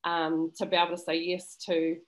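A woman's voice: on the low side, completely flat delivery, moderate pace, poor audio. A woman speaking over a video call, giving an effusive, emotional and grateful testimonial in a heartfelt way. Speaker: student interviewee.

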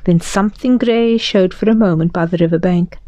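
A woman reading a children's storybook aloud in a slow, gentle, expressive way. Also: fairly low pitch, no room sound, highs cut off. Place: library.

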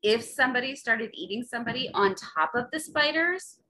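Bright, lively, foul-mouthed woman. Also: fairly high pitch, a little fast, slight background noise. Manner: blunt, profane, sarcastic, teasing. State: tipsy. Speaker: podcast co-host. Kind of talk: casual chat.

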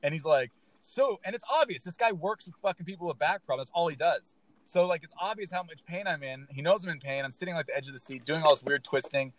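A man who works as a stand-up comedian, chatting casually and telling an animated story, swearing freely and acting out what people said. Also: fairly high pitch, fast, no echo. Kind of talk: casual podcast chat.

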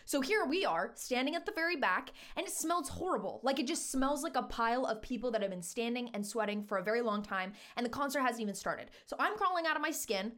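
A young woman hosting a podcast, telling a story in an animated, self-mocking, slangy way. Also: fairly high pitch, fast, few pauses. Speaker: podcast host. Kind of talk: casual storytime.

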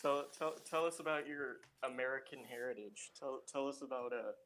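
A man's voice: medium pitch, a little fast, fairly bright tone, rough recording. A man co-hosting a podcast, blunt and swearing, then apologizing. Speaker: podcast co-host. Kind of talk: casual comedy banter.

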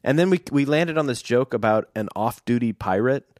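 A man's voice: medium pitch, lively intonation, a little fast, darkish tone, no echo, studio quality. A young adult man telling a long family story in casual chat, rambling with fillers and restarts.

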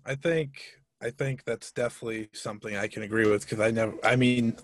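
A man in his twenties chats casually on a podcast in a mid-range voice with a steady tone, recorded at studio quality with no echo. His storytelling is halting, with frequent stumbles and repeated words, and he laughs his way through it.

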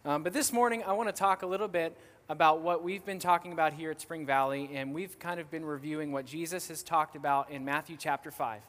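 A man's voice: fairly high pitch, brisk, hardly any pauses. A man preaching a sermon as pastor, earnest and repetitive, and leading a prayer in a church. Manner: earnest, warm-hearted preaching with repeated phrases. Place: church sanctuary. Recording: church hall reverb.

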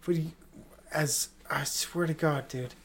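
A man's voice: a little high, steady tone, slow pace, creaky, fairly bright tone. Rambling, profane podcast host man. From Utah. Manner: rambling, profane, incredulous, many restarts. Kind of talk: casual solo rant.

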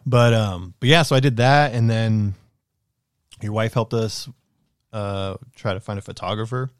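A man's voice: on the low side, unhurried, smooth, dry recording, clean studio sound. A man, hosting a casual chat and telling rambling, slang-filled stories with frequent laughter.

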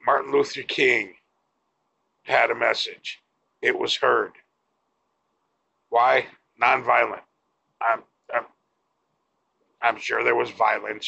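A man's voice: mid-range voice, gravelly, sharp tone, husky, highs cut off. A man giving a blunt, profane opinion rant to camera as a vlogger.

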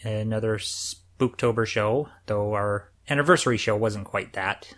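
A man's voice: lowish voice, unhurried. A man co-hosting a casual podcast, chatting in a rambling, jokey way. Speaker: podcast co-host. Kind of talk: casual chat.

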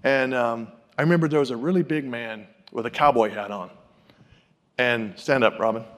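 A man preaching a sermon, telling personal stories and acting out the people he quotes in an animated way. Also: medium pitch, normal speed, big-room sound. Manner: animated, acts out quoted voices. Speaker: pastor. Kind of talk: sermon storytelling.

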